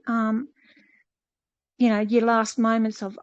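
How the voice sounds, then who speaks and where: A woman's voice: fairly high pitch, steady tone, measured pace, pauses often, darkish tone, no echo. Woman telling a long story, lots of ums and restarts, dull dry audio. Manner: rambling, many fillers and restarts, paraphrasing a story. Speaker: fellowship participant. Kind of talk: casual testimony retelling.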